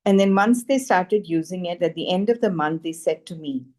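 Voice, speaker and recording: A woman telling a personal healing testimonial in an earnest, animated way, with many "you know" fillers. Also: lowish voice, moderate pace. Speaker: frequency healing practitioner.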